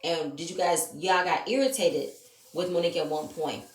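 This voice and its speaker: A woman's voice: on the low side, fairly even intonation, moderate pace. Woman vlogger, blunt and profane, casual show commentary; echoey room, mic at a distance. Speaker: reality show reviewer.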